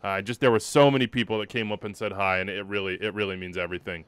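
A man's voice: on the low side, fairly even intonation, quick pace, fairly bright tone, clean tone, dry recording. A man hosting a soccer show in casual chat, self-deprecating and rambling, often laughing as he talks. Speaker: soccer podcast host.

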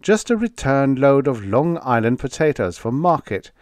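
A man reading a vintage science fiction story aloud as scripted first-person narration, with expressive, unhurried storytelling. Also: medium pitch, dry recording. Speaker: audiobook narrator.

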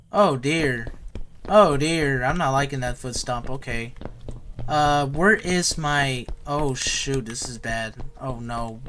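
A man's voice: medium pitch, takes it slowly, a bit bright, slight background noise. A young man giving casual horror game commentary, jittery and slangy, repeating himself often. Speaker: gaming YouTuber.

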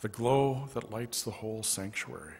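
Lower-voiced pastor telling a story. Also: male voice, animated, moderate pace, gravelly, husky. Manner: gentle storytelling with soft asides. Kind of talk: storytelling sermon. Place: church sanctuary.

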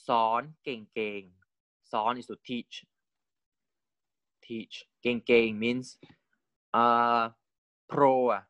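A man teaching a language online, explaining slowly and mixing in words from other languages. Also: medium pitch, fairly bright tone, smooth, dry recording, highs cut off. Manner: slow explaining, mixing in Thai and Chinese words.

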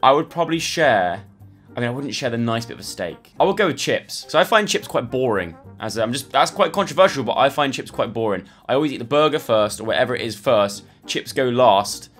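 A man's voice: medium pitch, expressive, brisk, fairly bright tone, soft background music. A young man chatting and thinking aloud as he plays through online quizzes for his channel. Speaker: YouTuber. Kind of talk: casual commentary playing online quizzes.

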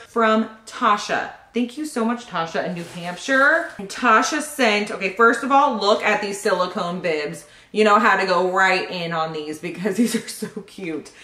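Young woman, pregnant, gushing vlogger, echoey room, mid pitch. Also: moderate pace, hardly any pauses. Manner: gushing, excitable, thanks each sender. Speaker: vlogger opening baby gifts. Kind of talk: casual unboxing vlog.

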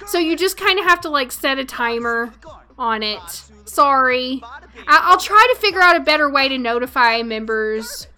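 During a livestream, a gaming streamer with a Southern accent chats casually about a life-sim game, giggling often and talking to her viewers. Her voice is high, pushed, and bright.

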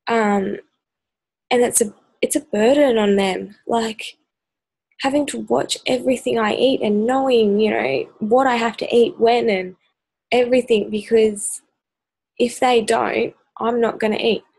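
Speaking directly to camera in a personal vlog, an exhausted Australian woman sounds low-energy and gravelly, with fry in her voice. Her delivery is flat, even and measured, earnest but hesitant, full of ums as she hunts for words. The poor-quality recording is dry and close, with no echo.

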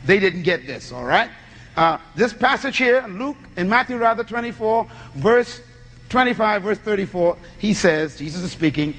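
A man's voice: sits high, expressive, moderate pace, fairly bright tone, in a large hall. A man preaching a teaching sermon, reading scripture aloud, then posing questions and answering them himself. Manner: reads scripture aloud and explains it.

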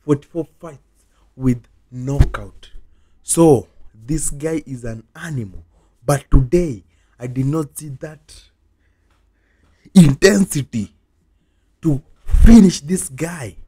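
A man's voice: on the high side, slow, long pauses, mellow, slightly rough. A man hosting a reaction video, venting in a casual, repetitive rant and chanting the same complaint over and over.

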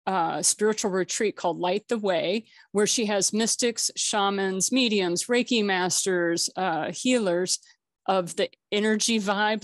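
A chatty woman hosts a casual online networking call, joking and laughing between introductions. Her voice sits at an ordinary middle pitch and sounds dry and close, with no room around it. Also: no room sound. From Colorado. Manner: chatty, jokey, laughs often. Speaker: host.

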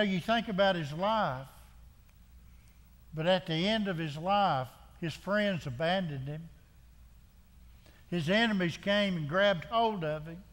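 In a church sanctuary, a pastor preaches a sermon in a high-pitched voice that fills the large hall. He presses his point with repeated rhetorical questions and restarts often.

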